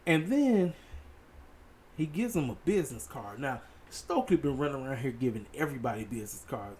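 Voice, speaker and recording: A man giving a casual, animated solo review of a wrestling show, talking straight to his viewers. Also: medium pitch, a little fast, a little hiss or hum. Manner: animated, conversational, addresses viewers as ladies and gentlemen.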